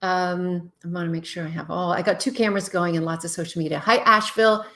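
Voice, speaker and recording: A woman hosting a live relationship-advice stream. She chats, greets viewers, reads out their comments and answers them bluntly, sounding tired after a long day. Her voice grows louder and quieter as she moves toward and away from the mic. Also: on the low side, steady tone, fast. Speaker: relationship expert host. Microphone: webcam mic, moves toward and away from it.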